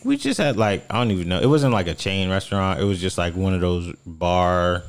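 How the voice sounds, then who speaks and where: Low-voiced man telling dating stories. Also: a little fast, clean tone. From South Florida. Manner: animated, acts out quotes in shifting voices. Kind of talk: casual storytelling chat.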